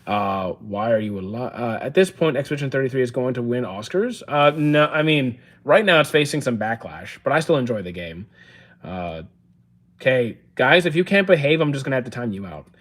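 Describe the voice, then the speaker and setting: A man's voice: medium pitch, a little fast. Easygoing streamer guy. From Canada. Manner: relaxed, chatty, with frequent fillers and restarts. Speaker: streamer answering chat. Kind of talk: casual live-stream chat.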